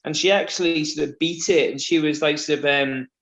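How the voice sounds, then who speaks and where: A man from Liverpool in his thirties with a mixed, softened Scouse accent, chatting casually in an interview with lots of fillers and restarts. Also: fairly high pitch, fairly even intonation, brisk. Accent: mixed Liverpool, southern English and Australian. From England, Liverpool. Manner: rambling, many fillers and restarts, laughs often. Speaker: interview guest, runner.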